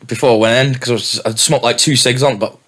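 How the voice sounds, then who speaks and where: A man's voice: medium pitch, steady tone, quick pace, a bit bright. Young dj guy on a podcast, laid back, swears a lot, real candid. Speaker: DJ and MC guest. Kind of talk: casual chat.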